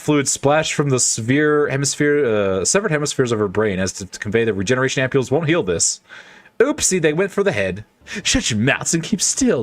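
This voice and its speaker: A man's voice: medium pitch, no echo. A man streaming a game, cracking jokes and reading its dialogue aloud with silly put-on voices. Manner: animated, jokey, breaks into silly voices.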